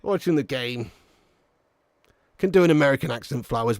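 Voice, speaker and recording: A man's voice: mid-range voice, animated, normal speed, long pauses, no room sound, studio quality. A man giving chatty, jokey live football commentary as a watch-along streamer.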